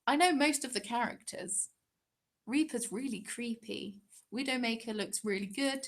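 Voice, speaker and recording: A woman's voice: a little high, normal speed, vocal fry. A young English woman hosting a crafting live stream, chatting casually and reading out viewer comments in a giggly, rambling way. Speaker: crafting channel host.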